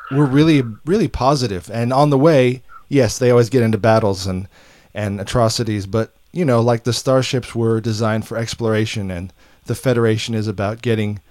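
A man's voice: lowish voice, a little mellow, no room sound, studio quality. A man hosting a podcast, talking casually and enthusiastically with a friend, often restarting his sentences. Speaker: podcast host. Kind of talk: casual chat.

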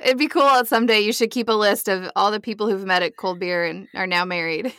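A woman's voice: medium pitch, fairly even intonation, a little fast, a bit bright. Young woman host, lots of yeahs and mm-hmms, dry no-echo sound. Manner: encouraging, affirming, frequent mm-hmms. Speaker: podcast host. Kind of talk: interview hosting.

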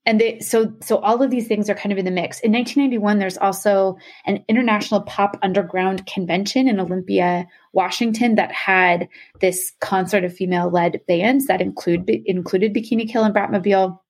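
A woman's voice: medium pitch, fairly even intonation, fairly quick, few pauses, darkish tone. A young adult woman explaining a topic to a co-host in casual podcast talk, full of "um" and "like". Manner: chatty, many fillers like "um" and "like".

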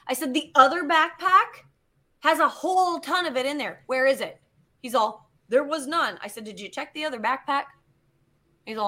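Brief: woman guest, high bright voice, animated storyteller, salty language. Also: moderate pace. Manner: animated, swearing, acts out quotes. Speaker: guest geologist. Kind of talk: casual storytelling.

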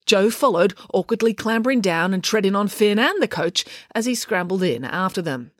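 A woman reading a children's adventure story aloud, lively and expressive. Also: mid-range voice, normal speed, no room sound, clean studio sound. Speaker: audiobook reader. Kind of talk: scripted storybook narration.

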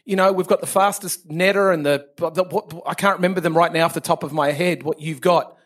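Australian man, high voice, joking podcast guest who teases the hosts with slang. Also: steady tone, a little fast, fairly bright tone. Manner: playful, teasing, uses local slang. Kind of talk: casual chat.

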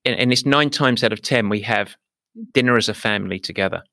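A man's voice: fairly low pitch, fairly quick, creaky, bright, forceful tone, no echo, studio quality. A man with an English accent hosting a podcast, chatting casually and often repeating words as he thinks. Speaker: podcast host. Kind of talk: casual conversational interview.

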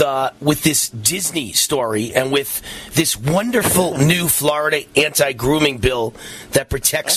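A man hosting a talk radio show, reading an ad and speaking emphatically and indignantly, pushing up to near-shouts. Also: on the high side, slightly rough. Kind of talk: talk radio host and ad read.

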